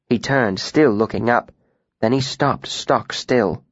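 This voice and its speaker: A man reading a first-person audiobook in a measured, expressive storytelling manner. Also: medium pitch, breathy edge, no echo. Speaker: audiobook narrator. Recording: dry, slightly muffled studio recording.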